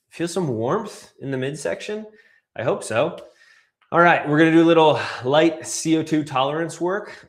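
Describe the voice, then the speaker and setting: A man coaching a guided breathwork class, calmly cueing breaths and counting down holds. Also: mid-range voice. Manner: calm, counts down and cues breaths.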